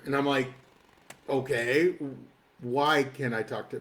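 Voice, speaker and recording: A man telling a funny story on a casual talk show, animated and laughing often as he mimics the people involved. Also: medium pitch, normal speed. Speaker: co-host. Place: studio.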